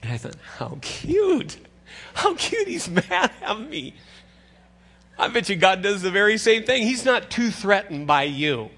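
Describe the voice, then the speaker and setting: Lively, bright-voiced older male pastor. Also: high voice. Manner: animated, conversational, teasing the congregation. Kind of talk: sermon.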